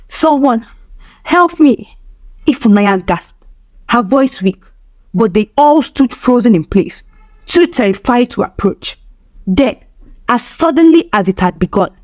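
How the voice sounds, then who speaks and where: A woman telling a dark folk tale in steady, dramatic scripted narration. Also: a little high, no echo. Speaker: storyteller.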